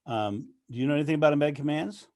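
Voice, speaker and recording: A man's voice: fairly high pitch, fast talker, darkish tone. A man interviewing a guest in casual chat, laughing often and restarting his sentences.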